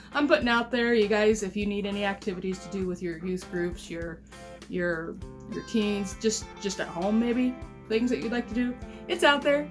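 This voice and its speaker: A woman from Missouri in her thirties talks to her camera at home. She rambles in a chatty, easygoing way and laughs easily, her voice sitting at an ordinary middle pitch. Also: fairly bright tone. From Missouri, US Midwest. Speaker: vlogger and family caregiver. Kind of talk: casual chat to camera. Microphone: camera mic at home.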